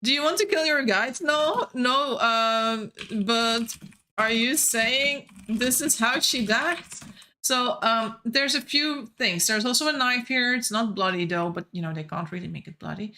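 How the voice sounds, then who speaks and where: A woman's voice: a little high, a little slow, sharp tone, slight background noise. A woman giving live game stream commentary, chatty and playful as she thinks aloud.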